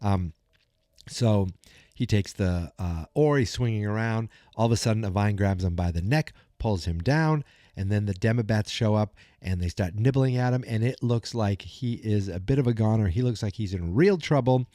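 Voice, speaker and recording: Male podcast host, mellow lowish voice, rambling casual recap, dry close sound. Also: moderate pace, no room sound. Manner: rambling, filler-heavy storytelling.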